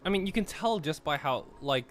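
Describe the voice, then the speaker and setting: A man's voice: on the high side, fairly quick. A young man streaming a game with friends, chatting casually and reading the game's narration aloud. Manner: chatty, lots of fillers, reads narration at an even clip.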